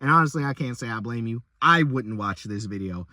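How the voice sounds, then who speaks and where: Young guy venting on his vlog, fed up and rambling, bright dry sound. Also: medium pitch, expressive, brisk, no room sound. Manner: exasperated, rambling, repeats words. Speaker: vlogger venting about work. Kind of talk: casual vlog rant.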